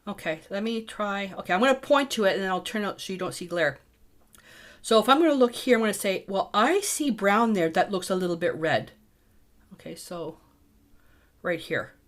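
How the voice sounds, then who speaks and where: A middle-aged woman gives a casual painting tutorial, her voice at an ordinary middle pitch. She is chatty and talks her thoughts out loud as she mixes colours. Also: animated, moderate pace. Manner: chatty, thinks aloud while mixing paint. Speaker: painting teacher.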